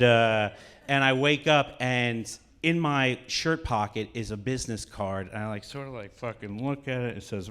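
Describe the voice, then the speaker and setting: Guy telling a crude funny story on stage, swears a lot, rambles, mid-pitch voice. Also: fairly bright tone, smooth. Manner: rambling, profane, laughing comic anecdote. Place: on stage at a cultural center.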